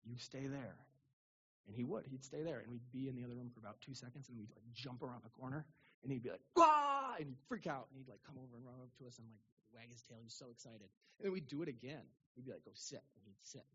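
A young adult male pastor giving a casual, animated sermon in a church, asking the congregation rhetorical questions. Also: medium pitch, racing, breathy edge, muffled recording. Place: church sanctuary.

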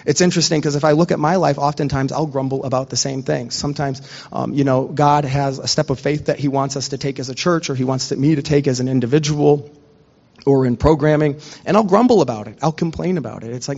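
A man preaching a sermon, telling funny family stories and acting out quick quoted exchanges before moving into scripture. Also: on the high side, creaky, darkish tone, lo-fi sound. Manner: storytelling with quick quoted asides, conversational. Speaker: pastor.

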